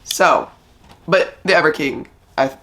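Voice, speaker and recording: A woman book vlogger with a slightly husky morning voice, chatting casually and upbeat about her reading plans. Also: low voice, slow pace, a bit bright, a little hiss or hum. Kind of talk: casual chat.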